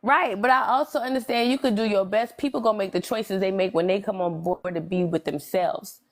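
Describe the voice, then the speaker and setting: A woman's voice: medium pitch, steady tone, a little fast. A woman in casual conversation who thinks aloud, trails off and restarts, and chuckles often. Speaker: panelist in a live discussion. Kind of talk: casual reflective chat.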